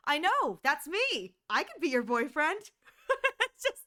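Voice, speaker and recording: A woman's voice: high voice, a little slow. A woman streamer chatting casually and gossiping with her viewers during an art stream, laughing often. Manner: giggly, gossipy, animated.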